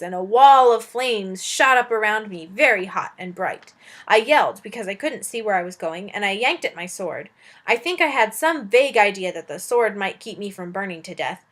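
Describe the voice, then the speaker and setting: A woman's voice: medium pitch, a bit bright. A woman teacher reading a children's novel aloud expressively, adding chatty asides to her listeners.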